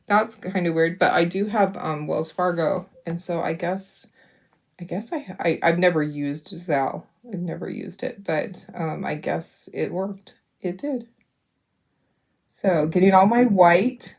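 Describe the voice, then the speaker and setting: A woman's voice: on the low side, unhurried. A middle-aged woman hosting a craft video, chatting casually and rambling as she paints, laughing often and talking to her viewers. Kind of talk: casual chat while painting.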